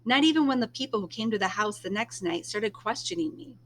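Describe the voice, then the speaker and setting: A woman reading a first-person novel aloud in a soft, unhurried storytelling manner, now and then dropping to a hush. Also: a little high, lively intonation, slight background noise. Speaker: reader.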